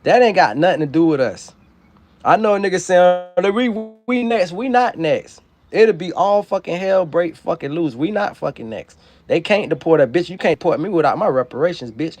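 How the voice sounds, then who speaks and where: A man, ranting loudly and preachily into a handheld phone on a livestream outdoors. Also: on the high side, lively intonation, normal speed. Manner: loud, profane, preachy and emphatic. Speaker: livestream host. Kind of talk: profane ranting monologue. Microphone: phone held in hand.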